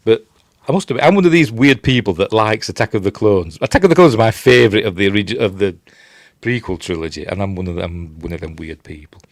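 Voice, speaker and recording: Rambling older Yorkshire man, lively pitch. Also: no room sound. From Yorkshire, England. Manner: rambling, chatty, self-deprecating, reads viewer comments aloud. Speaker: host. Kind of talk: casual live-stream chat. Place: at home late at night.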